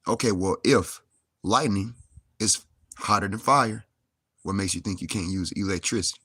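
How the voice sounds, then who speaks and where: Young guy going off on a rant, husky low voice, real dry sound. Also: pushed and bright, no room sound. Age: young adult. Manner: ranting, heavy cursing, rhetorical questions. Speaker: vlogger. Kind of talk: angry monologue to camera.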